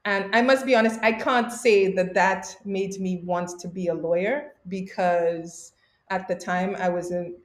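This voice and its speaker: A middle-aged woman from Canada, a guest arbitrator, telling lively stories in an interview with bursts of laughter. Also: fairly low pitch, a little slow. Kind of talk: interview storytelling. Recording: roomy echo.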